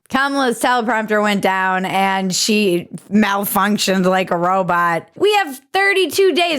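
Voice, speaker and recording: A woman's voice: on the low side, clean tone. A woman hosting a podcast, riffing sarcastically in casual comedic commentary. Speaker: podcast host.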